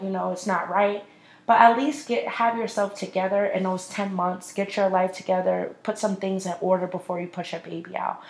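A woman's voice: mid-range voice, creaky. A woman in her twenties hosting a solo podcast, ranting bluntly and with lots of profanity. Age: 20s. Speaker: podcast host. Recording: echoey room.

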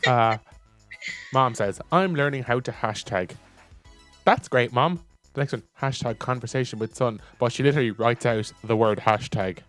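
Male co-host, playful casual reader, mid pitch, faint music bed. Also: moderate pace. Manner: playful, animated, laughs often. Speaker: podcast co-host. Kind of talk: casual chat reading funny texts aloud.

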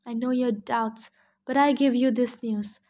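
An ancient male nature god, gentle and full of sorrow, read by a woman in her own high voice. He speaks in a solemn, earnest way and takes his time. It sounds like a storybook read aloud. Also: steady tone, measured pace, natural voice. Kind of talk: reading a novel aloud.

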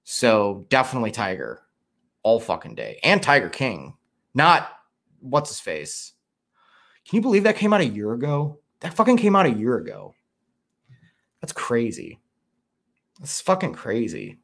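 A man's voice: mid-range voice, huge pitch swings, a little slow, creaky, pauses often, fairly bright tone. A man hosting a livestream in a casual, rambling way, reading out chat messages, swearing freely and poking fun at himself. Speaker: livestream host.

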